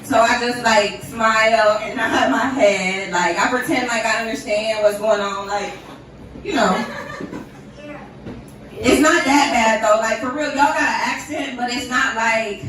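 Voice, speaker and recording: A woman doing stand-up, loud-mouthed and profane, often laughing at her own jokes. Her voice sits a little high. She is picked up from a distance in an echoey club, with a live audience laughing behind her. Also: a little slow. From Ohio. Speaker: stand-up comedian. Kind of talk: stand-up set. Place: comedy club stage. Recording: echoey room miked from a distance. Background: laughing live crowd.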